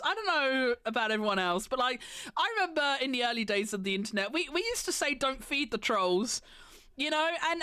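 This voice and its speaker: A woman's voice: sits high, pushed and bright, smooth, no echo. A woman streamer ranting in casual chat, sweary and sarcastic, slipping into mocking voices.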